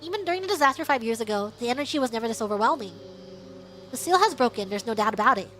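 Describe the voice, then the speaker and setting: A woman voicing a calm, solemn male psychic investigator in a game, speaking in measured, grave lines. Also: a little high, slight background noise.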